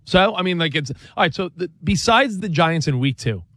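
A man co-hosting a sports talk show, talking through a team's schedule in an animated, rambling way with many restarts and self-corrections. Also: sits high, moderate pace, dry recording, studio quality. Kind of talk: casual sports debate.

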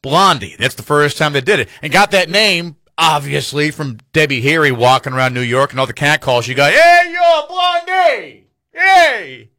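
A man's voice: on the high side, brisk, gravelly, hardly any pauses, bright, forceful tone, no room sound, studio quality. A man hosting a morning classic rock radio show, talking in a chatty, jokey way.

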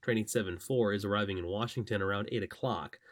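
A man's voice: lowish voice, quick pace, dry recording, studio quality. A man giving a radio commuter rail update, steadily reading out train times. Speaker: transit rail announcer.

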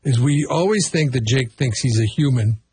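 A man's voice: medium pitch, normal speed, a little mellow, husky, no echo. A man co-hosting a casual chat, rambling and correcting himself as he tells stories. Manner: rambling, self-correcting storyteller. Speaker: podcast co-host.

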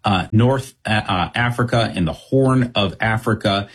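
Husky-voiced male policy analyst. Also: lowish voice. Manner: fast, measured, with frequent um and uh. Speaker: Middle East analyst guest. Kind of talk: unscripted interview analysis.

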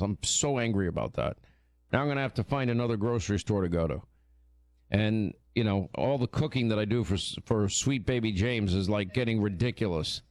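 A man hosting a radio show, telling stories in casual, animated, teasing on-air chat. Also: mid-range voice, dry recording, clean studio sound.

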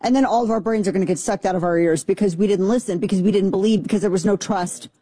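Riffing through casual comedic commentary, a female talk host drifts into sarcastic, animated mock excitement. Her mid-range voice is mellow and warm yet slightly rough, and she talks fast, recorded close and dry with no room sound.

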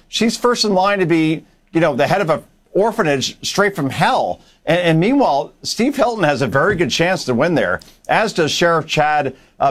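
A man's voice: fairly high pitch, fairly bright tone. A man giving blunt, hyperbolic political commentary as a guest on a talk radio show.

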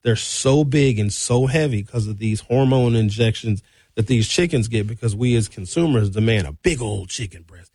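Blunt, animated middle-aged male talk host. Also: moderate pace, slightly rough, no room sound, clean studio sound. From Wisconsin. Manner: animated, blunt, sarcastic, with sudden high-pitched outbursts. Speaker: radio talk show host. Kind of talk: opinionated talk radio monologue.

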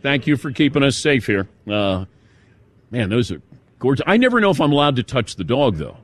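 A man's voice: mid-range voice, sing-song, brisk, dry recording. A man hosting a sports talk radio show, telling stories and laughing easily as he passes the talk to his co-hosts. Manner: storytelling, laughs easily, hands off to co-hosts by name. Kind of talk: casual radio show banter.

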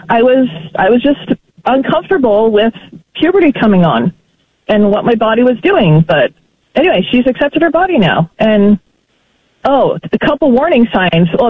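A woman calling in to a radio talk show, telling her story in an emphatic, animated way and laughing often. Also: a little high, breathy edge, no echo. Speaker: caller. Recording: tinny phone line.

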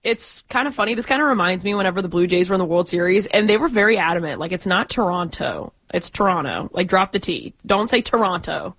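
Woman from texas, sports radio co-host, mid pitch, dry close mic. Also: fast, hardly any pauses, dry recording. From Austin, Texas. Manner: chatty, lively, opinionated. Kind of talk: sports talk show.

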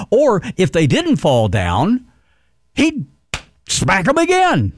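A man's voice: high voice, huge pitch swings, measured pace, no echo, studio quality. An older man from Texas hosting a call-in radio show in a rambling, joking way with lots of fillers. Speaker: fill-in radio talk host. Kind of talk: casual call-in radio chat.

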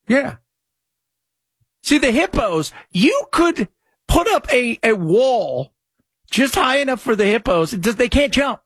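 A male talk radio host with a husky voice, chatting in a rambling, animated way and reading ads quickly. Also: very high voice, dry recording, studio quality. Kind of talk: casual talk radio commentary.

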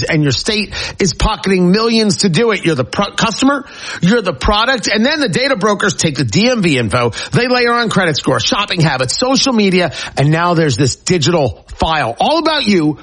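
Male talk show host, high and very animated delivery, punchy political commentary. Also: a little fast, slightly rough. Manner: emphatic, animated, repetitive phrasing.

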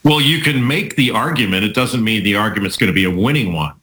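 Low bright-toned man arguing a point. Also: poor audio. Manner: measured, argumentative, many restarts. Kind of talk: casual debate chat.

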